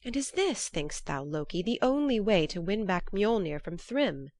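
A woman's voice: medium pitch, animated, normal speed, darkish tone, dry recording, clean studio sound, close to an everyday voice. A woman voicing a proud, hot-tempered male thunder god in a storybook reading. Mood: indignant. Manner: indignant, rough.

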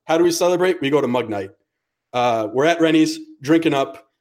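A man's voice: on the high side, brisk. Man telling a profane story. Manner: profane, animated storyteller acting out dialogue. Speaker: podcast co-host. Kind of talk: casual storytelling.

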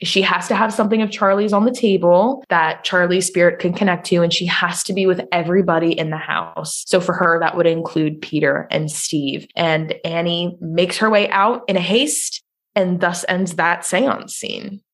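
A woman co-hosting a podcast, recapping a horror film in quick, casual chat with bursts of swearing. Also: lowish voice. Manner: fast, swearing, excitable. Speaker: podcast co-host.

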